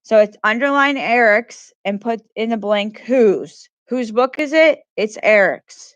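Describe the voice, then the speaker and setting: A woman's voice: a little high, animated, slow, no echo. A woman teacher giving a grammar lesson to children, patiently repeating questions and praising answers.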